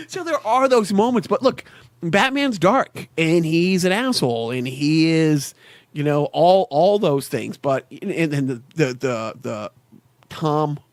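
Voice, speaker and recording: This is a man co-hosting a podcast, with a slightly raised pitch, recorded dry and close. He rambles with enthusiasm, stacks restarts and acts out scenes he loves. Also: expressive, moderate pace, no room sound. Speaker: podcast co-host. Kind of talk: casual chat.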